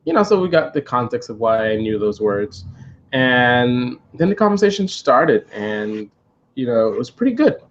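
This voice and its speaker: Man, mid-pitched, meandering storytime delivery full of ums and restarts, slightly dull lo-fi sound. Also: very animated, moderate pace. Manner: rambling, hesitant, many fillers and restarts. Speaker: vlogger on a live stream. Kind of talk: storytime monologue.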